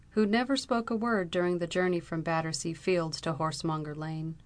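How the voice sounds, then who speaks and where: Low-voiced woman reading a novel aloud. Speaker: audiobook reader. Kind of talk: scripted narration of a Victorian novel.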